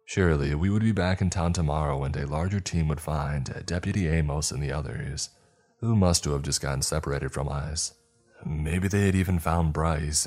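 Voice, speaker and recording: A man narrating a first-person horror story in a measured, scripted way. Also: very deep voice, a little mellow.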